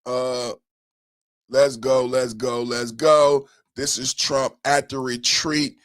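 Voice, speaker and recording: A man hosting a podcast, reacting to posts in casual, excitable commentary, laughing often and repeating phrases. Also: medium pitch, slow, dry recording. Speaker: podcast host.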